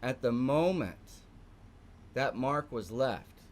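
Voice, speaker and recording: A man's voice: mid-range voice, animated, slow pace. A middle-aged man with a Texan accent, teaching a live online morning art class, emphatic and repeating phrases for stress. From Texas.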